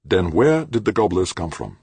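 A man voicing a serious, precise woman official who asks measured, probing questions. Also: low voice, sing-song, darkish tone, husky, no echo, pitched above the performer's own voice, full character voice.

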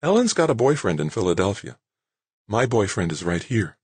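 A man's voice: fairly low pitch, sing-song, moderate pace, husky, dry recording, voice pushed up. A man reading an audiobook, voicing a playful, determined young wife in a raised, teasing voice. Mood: firm. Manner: teasing, firm.

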